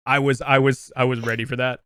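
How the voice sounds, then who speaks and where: A man's voice: mid-range voice, flat delivery, fast, fairly bright tone, clear, resonant tone, dry recording, clean studio sound. A man co-hosting a movie podcast, chatting casually, laughing easily and often repeating himself. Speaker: podcast co-host. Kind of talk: casual movie review chat.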